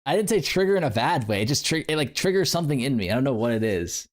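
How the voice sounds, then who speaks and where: Talking fast in a sing-song, medium-pitched voice, a young guy livestreams his gaming. His chat with viewers is casual, rambling and playful, full of filler words.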